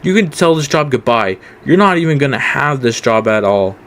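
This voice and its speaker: A man voicing an angry, short-tempered male venue owner who scolds loudly. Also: medium pitch, big pitch swings, normal speed. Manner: shouting, exasperated scolding.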